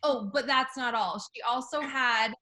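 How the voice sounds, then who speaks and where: Woman guest, bright tense tone, higher pitch, lively storyteller. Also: normal speed, poor audio. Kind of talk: casual group video chat.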